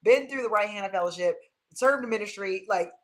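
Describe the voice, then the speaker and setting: A woman's voice: medium pitch, brisk. A woman, a pastor, chatting casually and animatedly, often saying "like" and talking straight to the viewers. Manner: animated, uses "like" often, speaks to viewers directly. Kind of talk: casual chat.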